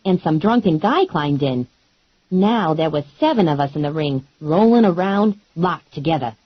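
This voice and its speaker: A woman narrating an audiobook in first person with a wry, deadpan comic delivery. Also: low-pitched, normal speed, breathy edge, no echo, dull audio.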